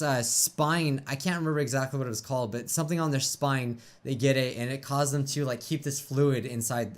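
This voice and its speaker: A man hosting his own reaction channel talks casually about losing a pet. His voice is choked and tearful, and he rambles with halting restarts. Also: medium pitch. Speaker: YouTube reaction host. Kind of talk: emotional casual reaction talk.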